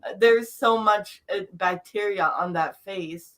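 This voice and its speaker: A woman's voice: mid-range voice, unhurried, a bit bright. A woman on a casual chat, giggly and playful. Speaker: guest.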